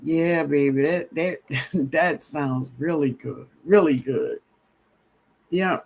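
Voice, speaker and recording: A man hosting a casual gardening livestream, greeting viewers warmly and reading out their comments with a relaxed drawl. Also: fairly high pitch, slow, vocal fry. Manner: drawling, greets viewers as baby, laughs often. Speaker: livestream host. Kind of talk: casual live-stream chat reading comments.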